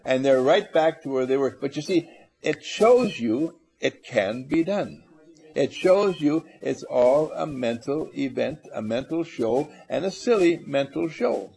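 A man giving a spiritual lecture to a live audience, animated and teasing, acting out little scenes as he goes. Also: fairly high pitch, a little slow, gravelly. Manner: animated, acts out little scenes in funny voices; coaxes and teases the audience. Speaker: motivational speaker.

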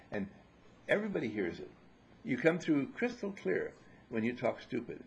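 Lively, joking older man teaching a group. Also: medium pitch, moderate pace, gravelly, slight background noise. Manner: lively, joking, playful lecturing. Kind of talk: informal spiritual group talk.

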